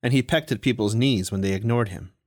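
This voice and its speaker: A man reading a story aloud in a steady, even storytelling manner. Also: on the low side, fairly quick, no echo, studio quality. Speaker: audiobook reader. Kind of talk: storytelling narration.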